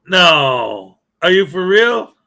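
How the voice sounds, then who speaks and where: Brief: rambling live-stream host, a man with a high, bright voice. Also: big pitch swings, slow pace, creaky. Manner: rambling, self-deprecating, chatty. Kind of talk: casual morning live-stream chat.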